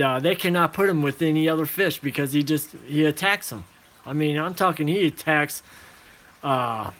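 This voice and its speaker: A man chatting casually to viewers about his fish in a relaxed, rambling way, talking into a phone and calling everyone man and dude. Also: on the high side. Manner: laid-back, rambling, calls listeners man and dude. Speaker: aquarium hobbyist vlogger.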